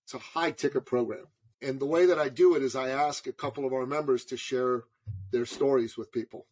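A man in his forties, a podcast guest from Canada, telling a story in an animated way and calling the host brother. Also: mid-range voice, fairly quick, husky. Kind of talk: storytelling interview.

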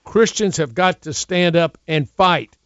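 A man's voice: a little high, unhurried, smooth, no room sound, dull audio. An older man hosting a political radio talk show, speaking in an emphatic, urgent way.

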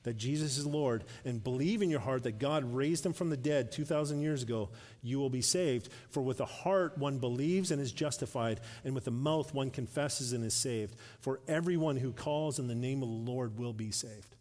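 A male pastor preaching a sermon. He grows emphatic and louder when reading scripture and drops softly for asides. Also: normal speed. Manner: drops to a soft, low voice for asides. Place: church sanctuary. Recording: reverberant church hall.

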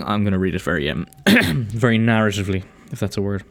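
A man's voice: on the low side, very animated, fast talker, vocal fry, hardly any pauses, soft background music. An Irish man hosting a solo podcast, talking in a rambling, profane, self-deprecating way. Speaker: podcast host. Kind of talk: casual solo podcast monologue.

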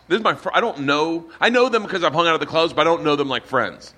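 A man's voice: a little high, slight background noise. A man hosting a comedy podcast, telling profane stories with friends in a bar before a live audience. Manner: animated, profane, quick anecdotal delivery. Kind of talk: storytelling with friends.

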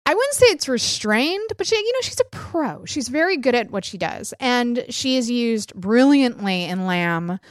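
A woman's voice: fairly high pitch, very animated, normal speed, few pauses, no room sound, studio quality. A woman hosting a solo podcast, chatty and sarcastic, poking fun at herself. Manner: chatty, sarcastic, self-deprecating. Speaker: podcast host. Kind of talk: casual solo podcast monologue.

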